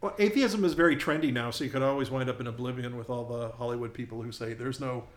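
A man's voice: mid-range voice, quick pace. Male co-host, casual and rambling, mid-range voice, reverberant room. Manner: rambling, self-interrupting storyteller. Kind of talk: casual chat.

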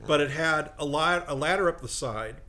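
Bright-voiced man telling a rambling story. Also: on the high side, moderate pace. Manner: rambling anecdote with self-mocking asides. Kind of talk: casual storytelling on a comedy talk show.

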